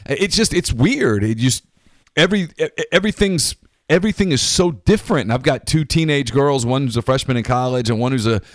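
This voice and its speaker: A middle-aged man co-hosting a casual podcast, rambling through stories with a self-deprecating streak. His voice sits at a middle pitch. The sound is dry and close. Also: lively intonation, a little fast, no echo. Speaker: podcast co-host.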